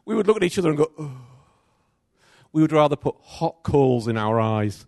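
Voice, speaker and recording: A middle-aged man preaches a sermon and tells a personal story, swinging between loud and soft. His pitch rises and falls with lively movement. The recording sounds dry and close. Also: quick pace, no room sound.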